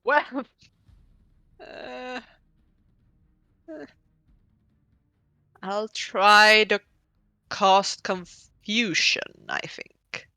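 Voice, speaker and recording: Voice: mid-range voice, extremely slow, gravelly, pauses often, pushed and bright, clear, resonant tone, no echo, studio quality. A player in a tabletop game who laughs a lot and sounds unsure of what to do. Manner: giggly and unsure.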